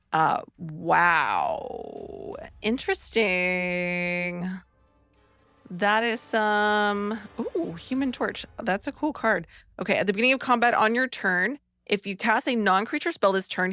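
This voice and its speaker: A woman with a slight cold, opening trading card packs in a bubbly vlog and reading card text aloud quickly. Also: medium pitch, fairly bright tone, no echo. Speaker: card-opening content creator. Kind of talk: excited pack-opening vlog.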